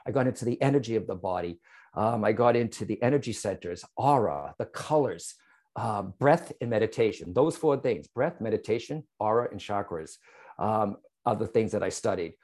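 A man, by profession a psychic medium, narrates his story for an interviewer at normal speed in a lowish voice. He's animated, speaking right to the host, and often adds "right?" and "okay?"

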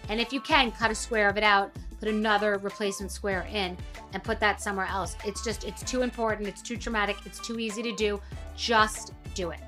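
Middle-aged lady host ranting, swears a lot, bright sharp voice. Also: medium pitch, steady tone, brisk, soft background music. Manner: blunt, profane, emphatic. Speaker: podcast host. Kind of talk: casual monologue.

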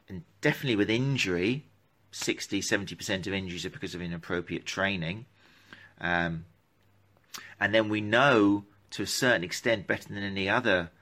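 A man talks through a live stream about gait analysis for runners. His voice sits low but comes across bright and forceful. He rambles, breaks off mid-thought and adds chatty asides as he answers viewers. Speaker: running gait analysis clinician.

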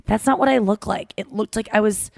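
A woman's voice: medium pitch, a little fast, creaky, no room sound. A woman in her thirties hosting a casual podcast chat, telling stories with lots of fillers and acted-out quotes. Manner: animated storytelling with lots of fillers and voiced quotes. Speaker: podcast host.

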